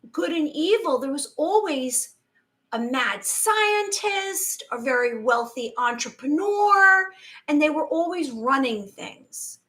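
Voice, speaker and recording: A woman's voice: sits high, a bit bright. A woman in her forties hosting a spiritual talk, speaking in a casual, rambling way, with restarts and quoted asides. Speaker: spiritual channel host. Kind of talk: casual monologue.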